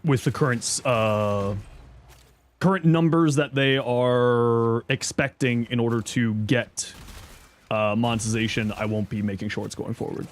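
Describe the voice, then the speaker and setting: A man livestreaming in casual chat, reading viewer messages aloud and thanking subscribers, thinking out loud. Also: fairly even intonation, unhurried. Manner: squeaky high-pitched outbursts of surprise. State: chewing an apple.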